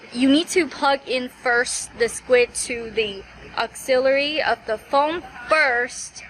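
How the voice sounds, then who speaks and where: A woman vlogger telling a rambling, animated story full of fillers and quoted asides. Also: a little high, slight background noise, rough recording. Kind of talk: casual recap vlog.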